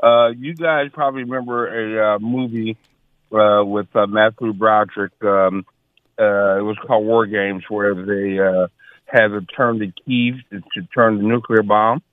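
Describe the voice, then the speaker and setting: A man in his sixties calling in to a radio talk show, halting and full of filler sounds. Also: fairly low pitch, fairly even intonation, no room sound. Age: 60s. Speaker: caller. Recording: tinny phone line.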